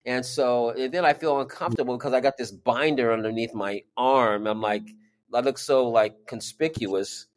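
A man's voice: medium pitch, fairly even intonation, normal speed. A man, a drummer and music teacher, telling a story as an interview guest and acting out the voices he quotes.

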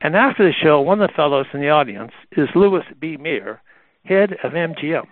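A man telling anecdotes on a radio call in a lively storytelling manner, acting out the people in his tales. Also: fairly high pitch, brisk, dry recording. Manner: animated, acts out the voices in his stories. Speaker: guest telling stories about a friend. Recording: tinny phone-like radio line.

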